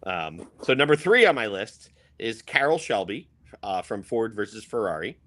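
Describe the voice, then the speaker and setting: A man's voice: lowish voice, very animated, normal speed, a bit bright. A man co-hosting a beer podcast, upbeat in casual chat as he runs through a list. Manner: upbeat, laughs easily, lists picks. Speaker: podcast co-host.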